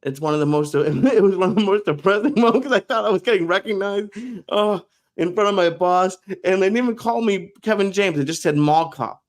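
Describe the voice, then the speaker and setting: A man's voice: high voice, brisk. Self-deprecating man telling a story. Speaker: podcast co-host. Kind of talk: casual chat.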